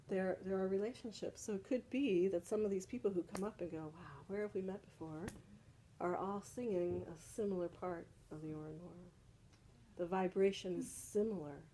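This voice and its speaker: A woman's voice: on the low side, dark tone, rough recording. Woman teaching a casual group session, patient, checks in often, faint background hiss. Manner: explains patiently, checks understanding with "right?". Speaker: spiritual teacher leading a salon.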